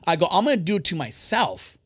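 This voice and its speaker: Dude hosting a podcast, talks fast and blunt, cusses a lot, kinda high voice, dry close sound. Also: male voice, sing-song, a bit bright, breathy edge, dry recording. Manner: fast-talking, rambling, blunt, swears freely. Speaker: podcast host. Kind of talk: casual podcast chat.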